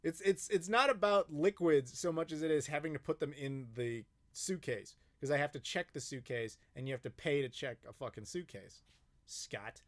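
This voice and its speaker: A man's voice: fairly high pitch, normal speed. An American man hosting a casual live-stream Q&A, rambling with frequent fillers and profanity. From United States. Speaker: YouTube host answering live chat questions.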